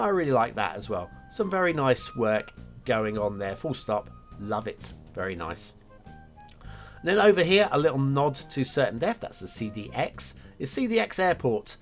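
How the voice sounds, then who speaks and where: Animated man reviewing game maps. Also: medium pitch. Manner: chatty and enthusiastic, with filler words and self-corrections. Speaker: host of a game map review show. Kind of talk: casual game commentary.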